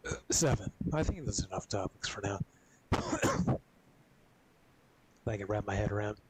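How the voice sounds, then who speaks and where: A man streaming games, chatting casually and rambling with a lot of swearing, coughing and clearing his throat often. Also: on the low side, expressive, measured pace, poor audio. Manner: profane, rambling, laid-back. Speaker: gaming streamer.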